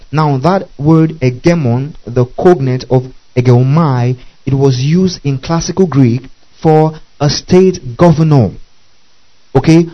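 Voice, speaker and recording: A man's voice: on the high side, mellow, lo-fi sound. A man preaching as pastor, teaching through scripture, repeating key phrases and asking the congregation to underline them. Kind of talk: sermon.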